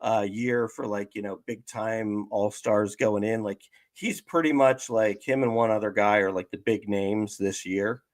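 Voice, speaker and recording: A man's voice: on the low side, fairly even intonation, a little slow, few pauses, no room sound. A man, chatting casually on a sports podcast and rambling through lots of fillers. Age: 50s. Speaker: podcast host.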